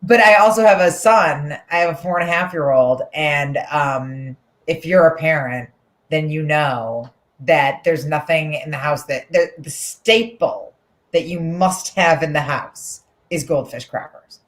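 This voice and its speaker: Woman comic, thirties, chatty and animated, echoey room. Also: low voice, measured pace. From Newton, Massachusetts. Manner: chatty, animated, many fillers and restarts. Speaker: guest comedian. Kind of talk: casual interview chat.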